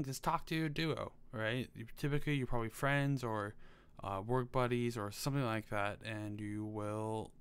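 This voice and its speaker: Young man, low, smooth voice, loose chatty delivery with lots of fillers. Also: a bit bright. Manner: loose, filler-heavy, swears offhand. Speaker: gaming video creator. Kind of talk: casual advice talk to camera.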